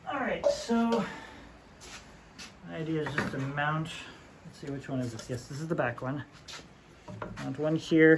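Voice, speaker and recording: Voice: medium pitch, darkish tone. A DIY host chatting casually and joking while building in a workshop, thinking aloud as they go. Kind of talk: casual workshop how-to chat. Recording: noisy workshop recording.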